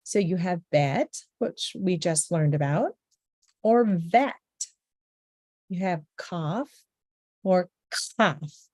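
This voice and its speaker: A woman's voice: on the low side, animated, takes it slowly, pauses often, mellow, no echo, clean studio sound. A woman teaching a beginner language lesson, patiently saying each letter sound several times over.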